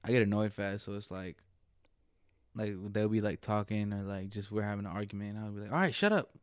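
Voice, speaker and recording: A man's voice: lowish voice, monotone, fairly quick, a little mellow, clean tone, dry recording, clean studio sound. A young man co-hosting a casual podcast on an outdoor patio, telling slangy, rambling stories full of fillers. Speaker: podcast co-host. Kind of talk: casual chat.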